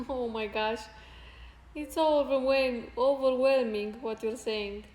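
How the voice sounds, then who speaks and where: A woman hosting a casual live stream, chatting with viewers in a soft-spoken, halting and grateful way. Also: high-pitched, fairly even intonation. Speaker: fitness streamer. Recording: roomy echo with faint music.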